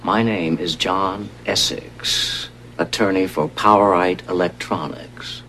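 A man's voice: sits low, fairly even intonation, slow pace, bright, forceful tone, heavily acted. An actor playing a male company attorney who speaks in a polished, condescending way. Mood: smooth, dismissive. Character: smooth, dismissive male company lawyer. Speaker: corporate attorney. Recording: noisy TV soundtrack with studio audience laughter.

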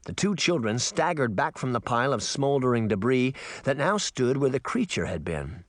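A man narrating a children's fantasy novel in an expressive, dramatic audiobook style. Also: mid-range voice, no echo, studio quality.

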